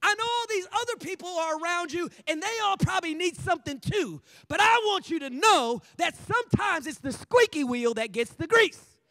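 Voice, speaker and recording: A man voicing a desperate blind male beggar who shouts and pleads for help. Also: very high voice, big pitch swings, moderate pace, no echo, pitched above the performer's own voice, exaggerated voice. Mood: pleading loudly.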